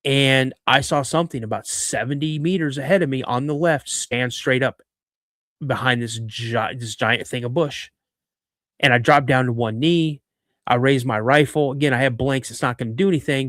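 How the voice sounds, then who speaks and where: A man hosting a podcast, telling a story in an animated way with frequent restarts and asides. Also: medium pitch, no room sound, studio quality. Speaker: podcast host.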